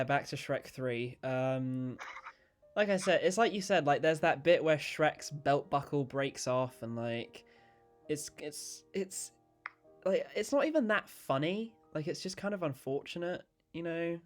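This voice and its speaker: A man's voice: fairly high pitch, measured pace, soft background music. Young man chatting casually, swearing. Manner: chatty, swearing, laughing often. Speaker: podcast host. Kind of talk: casual podcast chat about films.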